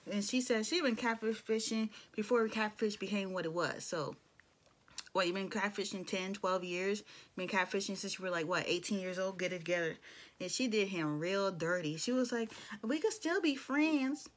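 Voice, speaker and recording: A woman's voice: medium pitch, normal speed. A young adult woman giving a casual, opinionated recap of a reality show, with blunt asides. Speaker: show reviewer.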